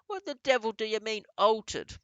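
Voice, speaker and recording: A man voicing a short-tempered, blustering middle-aged man who shouts indignantly. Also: sits high, very animated, normal speed, smooth, no room sound, lo-fi sound, voice pushed up, heavily acted. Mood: outraged.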